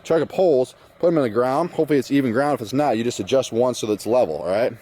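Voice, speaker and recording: A man's voice: mid-range voice, rapid-fire, mellow. A man from the US Midwest with a mixed Southern drawl, rambling crudely and joking while walking a forest trail, recorded on a phone camera. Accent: mixed Southern drawl and Northern US. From Michigan, US Midwest. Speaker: thru-hiker vlogger. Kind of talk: casual profane trail monologue. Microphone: phone camera on trekking pole.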